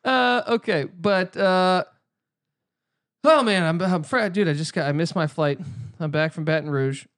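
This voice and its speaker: A male podcast co-host with a fairly high voice tells stories in an animated, profane way. His voice sounds dry and close, with no room echo. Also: measured pace. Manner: animated storyteller, swears freely. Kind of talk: casual sports podcast chat.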